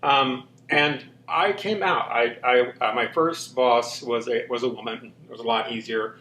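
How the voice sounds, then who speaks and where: A man's voice: mid-range voice, a little slow, sharp tone. A man with a slight lisp talks candidly as an interview guest, circling back with ums and restarts as he speaks earnestly. His voice carries an echo from the room around him, with a faint hum underneath. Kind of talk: candid personal storytelling. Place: walk-in closet, indoors.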